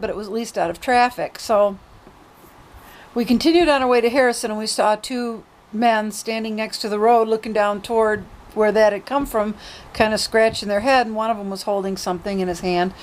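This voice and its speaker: A woman's voice: on the high side, steady tone, a little fast, darkish tone, low-quality recording. A woman vlogger telling a story casually and retelling quoted dialogue in her own talk.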